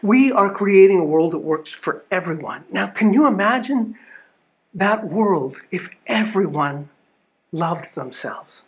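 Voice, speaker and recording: A man's voice: high voice, lively intonation, unhurried. A man giving an earnest, storytelling sermon at a spiritual living center. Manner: earnest storytelling with small restarts.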